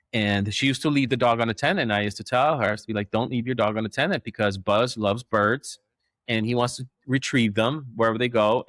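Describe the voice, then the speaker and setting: A man, a dog trainer, telling stories in a rambling, animated way with many restarts and acted-out quotes. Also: mid-range voice, no echo, clean studio sound. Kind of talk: casual storytelling.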